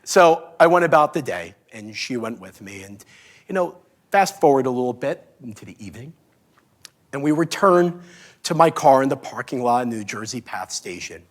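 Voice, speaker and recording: A man in his forties giving a talk on stage, telling a story in a playful, animated way with self-mocking humor. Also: medium pitch, moderate pace. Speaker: speaker at a live talk event. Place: stage before a live audience.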